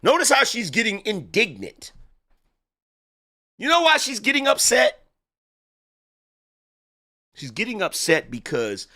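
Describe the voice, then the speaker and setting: A man's voice: high voice, wildly swooping pitch, unhurried, long pauses, pushed and bright. A middle-aged man giving sarcastic, indignant commentary while reacting to an interview clip. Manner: sarcastic, indignant, mocking asides. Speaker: political commentator.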